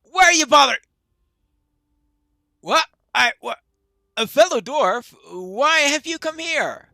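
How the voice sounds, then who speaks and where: A man's voice: high voice, expressive, slow, pushed and bright, dry recording, exaggerated voice. A man voicing a solemn dwarf leader in a game. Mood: startled. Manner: solemn, old-fashioned speech. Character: wary male dwarf leader, grave and formal.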